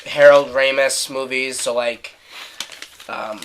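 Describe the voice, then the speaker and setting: Chill guy podcast cohost, bright voice, bit of background noise. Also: medium pitch, steady tone, slow pace. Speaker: podcast co-host. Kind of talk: casual film review chat.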